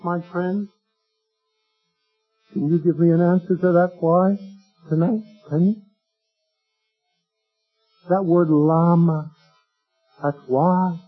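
A man's voice: on the high side, fairly even intonation, faint music behind. Impassioned man preaching, tinny old recording. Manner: impassioned, rising to wailing cries; drawn-out, stretched words. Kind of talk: sermon.

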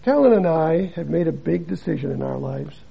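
An older man, a missionary preacher, giving a dramatic sermon that swings between loud emphasis and hushed drops. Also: a little high, expressive, moderate pace, vocal fry, slightly rough, muffled recording.

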